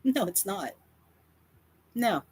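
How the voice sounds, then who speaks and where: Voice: medium pitch, big pitch swings, extremely slow, husky. A YouTuber speaking straight to camera in a confrontational rant, defiant and emphatic, often repeating lines for effect. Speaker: cat advocacy YouTuber.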